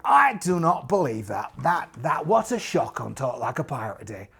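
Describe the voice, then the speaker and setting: A man hosts a solo tabletop game with a gravelly, husky voice that swings up and down as he talks. He is chatty and full of jokey asides, and his voice sounds tired and strained. Faint music plays underneath. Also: mid-range voice, sing-song, moderate pace, bright, forceful tone.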